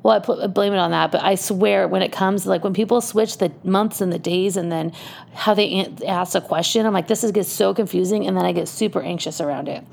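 A woman's voice: medium pitch, brisk, creaky, darkish tone. A woman telling a personal story in casual chat, chatty and laughing often as she goes.

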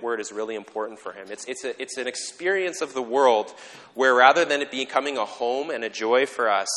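Earnest pastor in a reverberant church. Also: male voice, medium pitch, fairly bright tone. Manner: earnest, reflective, explains ideas step by step. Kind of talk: conversational sermon. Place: church sanctuary. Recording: long reverb of a church hall.

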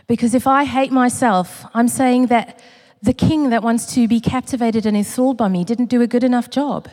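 A woman sharing a personal testimony in a sermon, earnest and emotional, building through repetition and dropping to a hush. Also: fairly high pitch, moderate pace, hardly any pauses. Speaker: church community speaker. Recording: long reverb of a large hall.

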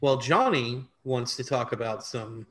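A man's voice: mid-range voice, unhurried, fairly bright tone. A man co-hosting a casual podcast chat, joking with crude asides. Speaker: podcast co-host.

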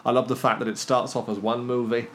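A man co-hosting a casual podcast chat, telling stories in an animated way with quick restarts. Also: mid-range voice, a little hiss or hum.

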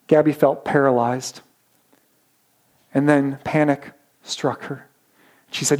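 A man preaching a sermon, telling a story dramatically and slowing down for emphasis. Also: mid-range voice, level tone, a little mellow. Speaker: pastor.

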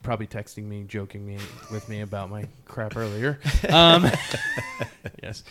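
With a voice on the low side, this man hosts a casual interview podcast, sounding animated yet unhurried. His tone is pushed and bright over a slight hiss or hum, and he rambles loosely, leaning heavily on fillers while staying earnest and emotionally open.

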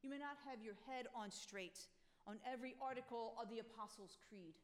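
A woman's voice: a little high, fairly quick, slight background noise. A woman pastor preaching a sermon with earnest delivery that rises and falls. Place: church sanctuary. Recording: long reverb of a church hall.

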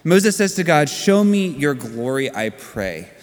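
A man's voice: fairly high pitch, sing-song, measured pace. A man in his thirties preaching a sermon as pastor, earnest and conversational, telling stories to make his points. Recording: long hall reverb.

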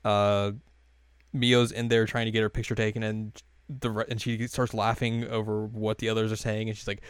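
Man, casual co-host, smooth clear voice, dry close sound, rambling recap style. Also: lowish voice, flat delivery, no echo. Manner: loose and rambling, many fillers and quick quoted voices, laughs often. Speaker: podcast co-host recapping an anime episode. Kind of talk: casual chat.

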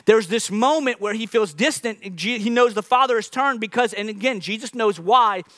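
A man's voice: sits high, normal speed, a bit bright. A man, a lead pastor, preaching an earnest podcast sermon and repeating phrases as he builds to emphatic points.

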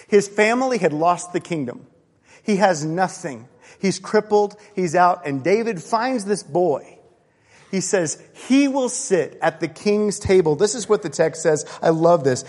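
A man's voice: fairly high pitch, darkish tone, long reverb tail. A middle-aged man preaching a sermon, earnest and personal, telling stories and reading scripture aloud. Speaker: pastor.

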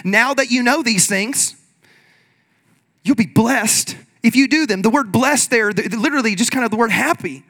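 A man preaching a sermon in an energetic, conversational way, leading the congregation in call-and-response. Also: very high-pitched, normal speed. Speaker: pastor.

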